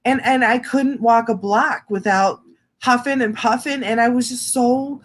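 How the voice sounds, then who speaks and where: A woman co-hosting a casual podcast, telling personal stories frankly in a rambling, animated way. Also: fairly high pitch, unhurried. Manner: frank storyteller, rambling, animated when quoting. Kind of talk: casual chat.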